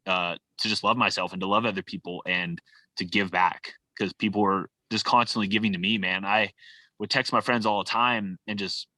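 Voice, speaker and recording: A Californian man appears as a podcast guest, talking casually and from the heart and peppering his speech with "like" and "man." His fairly low voice stays steady at a moderate pace, with a sharp tone and no echo.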